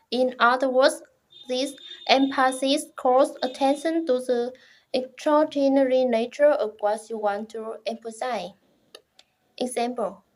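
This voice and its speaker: A young woman presents to her class. Her voice sits high, and she reads slowly and formally in short, halting phrases. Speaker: student presenter.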